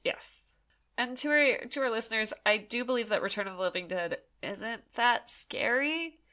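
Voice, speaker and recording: A woman's voice: a little high, lively intonation, moderate pace, pushed and bright. A young woman co-hosting a podcast, enthusiastic and giggly as she tells stories. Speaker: podcast co-host. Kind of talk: casual chat.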